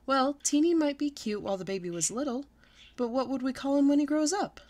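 A woman's voice: high-pitched, brisk, voice pushed up, natural voice. A woman voicing a patient pregnant mother who speaks soothingly but firmly to her daughter in a read-aloud storybook. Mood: gentle, patient. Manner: soothing, gently firm.

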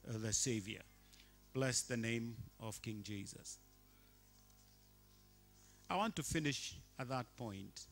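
A man, preaching a sermon as a bishop in a church, animated and shifting between quiet and loud. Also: medium pitch, unhurried, pauses often, soft background music. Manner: animated, swings from quiet to shouting.

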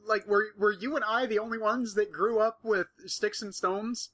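A man talks bluntly and swears freely in casual podcast chat. His voice is slightly high and bright, with a forceful edge. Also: fairly even intonation, normal speed. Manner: blunt and profane.

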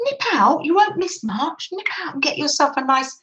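A woman's voice: high-pitched, big pitch swings, normal speed, bright, forceful tone, a little hiss or hum, poor audio. A woman chatting through a craft session at her desk, gushing over papers and cooing about how lovely everything is. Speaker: craft vlogger. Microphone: camera on desk.

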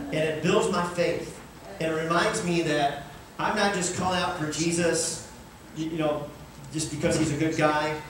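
A man preaching a sermon as pastor, animated and rising to fervent cries. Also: on the high side, a little hiss or hum. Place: large church sanctuary. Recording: echoey room, miked from far off.

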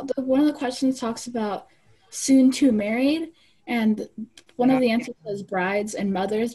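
A woman's voice: fairly high pitch, dark tone, husky, low-quality recording. A woman student asking questions in an online class, hesitant and casual.

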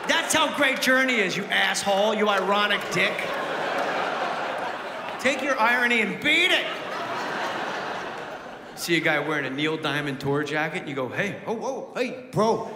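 A man performing a stand-up comedy routine, ranting profanely and swinging from low mutters to loud shouting, on a handheld mic in a large venue. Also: animated, moderate pace, long pauses, heavy background noise. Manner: profane, mocking rants. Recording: echoey live hall recording with crowd. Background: audience laughter.

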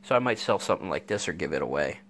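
A man's voice: deep voice, animated, racing, a bit bright, a little hiss or hum. A man hosting a casual live stream from his workshop, telling stories in a rambling, chatty way full of fillers and recorded on a phone. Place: indoor home workshop. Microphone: phone camera.

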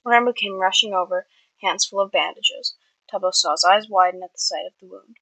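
A woman's voice: mid-range voice, fairly quick, bright, forceful tone, dry recording, poor audio. A woman reading her own story aloud in a plain way, with small slips that she corrects. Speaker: fiction reader.

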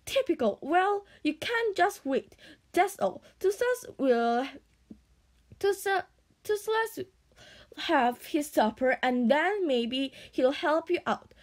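A sulky, cheeky little male pet dragon from a storybook, whining and referring to himself by name, as a woman reader puts him on. The voice sits high and moves slowly, pushed well above her own register. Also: sing-song, heavily acted. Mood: indignant. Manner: whiny, speaks of himself by name.

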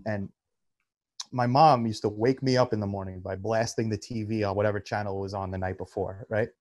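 Animated, swearing man telling a story. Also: on the low side, fairly quick. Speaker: podcast co-host. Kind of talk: casual chat.

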